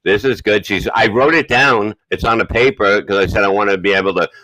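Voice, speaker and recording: A man's voice: fairly low pitch, fairly quick, no room sound, poor audio. Profane, boastful New man. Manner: profane, boastful, loud storytelling. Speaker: podcast co-host. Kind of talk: crude comedic podcast banter.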